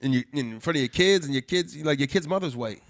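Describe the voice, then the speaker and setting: A man cohosting a podcast, telling stories in casual, profane, animated chat. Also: a little high, fast, dry recording, clean studio sound.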